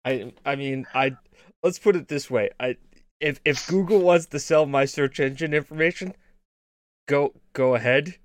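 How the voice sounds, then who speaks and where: A man's voice: medium pitch, moderate pace, dry recording, studio quality. Casual male gaming-show co-host. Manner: rambling, restarts, deadpan mock-spy bits. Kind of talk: casual joking chat.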